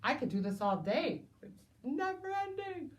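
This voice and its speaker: A woman preschool teacher reading a picture book aloud to children, animated and exclaiming in a sing-song way. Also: high voice, measured pace.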